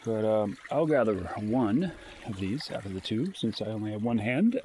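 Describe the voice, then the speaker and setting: A man's voice: fairly low pitch, expressive, normal speed, a little mellow, slight background noise. Rambling man vlogging alone outdoors. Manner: rambling, sidetracked, jokey. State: out of breath. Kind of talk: rambling handheld vlog. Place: outdoors at a forest campsite. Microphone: handheld phone camera.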